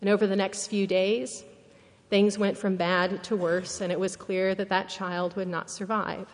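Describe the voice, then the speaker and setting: A woman minister preaching a sermon, telling a story slowly and earnestly, dropping to a hushed, solemn tone. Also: medium pitch, level tone, long reverb tail. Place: church sanctuary.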